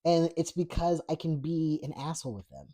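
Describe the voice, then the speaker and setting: A man's voice: fairly high pitch, a little fast, dark tone. A man hosting a podcast in a blunt, profane, rambling rant, laughing often as he reads chat comments. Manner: rambling with many fillers and restarts. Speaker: podcast host. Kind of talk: casual political rant reading live chat.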